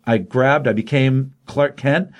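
A middle-aged man hosting a casual conversation enthusiastically recounts a comic book story, rambling with frequent fillers. His mid-range voice moves a little slowly.

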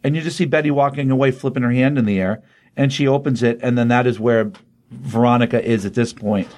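Casually reviewing comics, a middle-aged podcast co-host walks through their plots in chatty talk full of fillers. He speaks a little fast, with a darkish, mid-range voice and fairly even intonation.

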